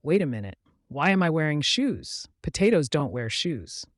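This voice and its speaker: A bewildered potato from a silly storybook, voiced by a man. He exclaims loudly in exasperation. The voice is close and dry. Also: a little high, very animated, moderate pace, dry recording. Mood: exasperated. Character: confused male potato who gets excitable.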